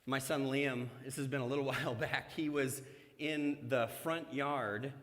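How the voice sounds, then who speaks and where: A man's voice: mid-range voice, fairly even intonation, a little slow. A middle-aged male pastor preaching a sermon in a church sanctuary, mixing scripture with humorous personal stories in a conversational way. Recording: long church hall reverb.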